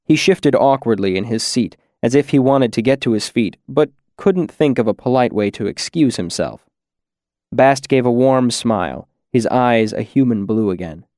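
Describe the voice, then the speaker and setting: A man narrating an audiobook in an even, unhurried, scripted way. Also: mid-range voice, no echo, studio quality.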